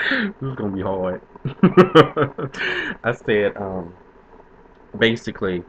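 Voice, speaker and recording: A man's voice: on the low side, a bit bright, lo-fi sound, slight background noise. A man in his twenties telling a story to camera in a chatty, sassy way, with frequent laughs. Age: 20s. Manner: chatty, sassy diva flair, laughs often. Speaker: vlogger.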